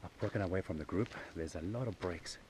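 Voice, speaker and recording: A man from South Africa vlogging his mountain trek outdoors on a handheld camera, his voice rough and hoarse, talking casually and sometimes dropping to an awed whisper. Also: deep voice, fast, a little mellow. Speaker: trekker filming his climb. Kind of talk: casual vlog narration. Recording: music playing underneath.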